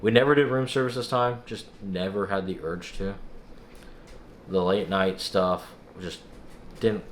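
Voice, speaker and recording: A young man casually vlogging, recounting a frustrating experience in an exasperated, animated way and acting out other people's lines. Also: low-pitched, unhurried, a little hiss or hum. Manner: exasperated, animated storytelling with quoted dialogue. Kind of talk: casual vlog recap.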